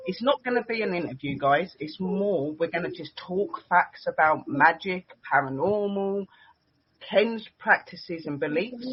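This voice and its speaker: A woman's voice: low voice, dull audio. A woman hosting a casual online talk show, chatty and enthusiastic, often addressing the audience as guys. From United Kingdom. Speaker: show host.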